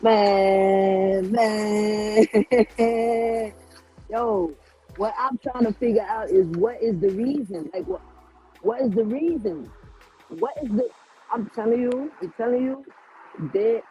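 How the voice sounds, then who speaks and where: Woman, blunt profane co-host, very husky mellow voice. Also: on the high side, lively intonation, moderate pace, faint music behind, rough recording. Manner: blunt, profane, asks questions over and over. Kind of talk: casual chat.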